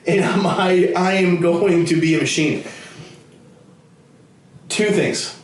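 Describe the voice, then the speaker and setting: Profane comedian telling stories in an echoey room. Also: male voice, sits high, slow pace, a little hiss or hum. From United States, Connecticut. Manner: loose, profane, rambling with restarts. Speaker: podcast host, comedian. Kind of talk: casual comedic storytelling. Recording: roomy, distant camera-mic audio.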